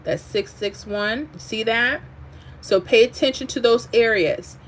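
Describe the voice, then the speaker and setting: A woman hosting a lottery livestream, chatting casually, reading viewer comments aloud and drifting into animated asides. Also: a little high, unhurried, slight background noise.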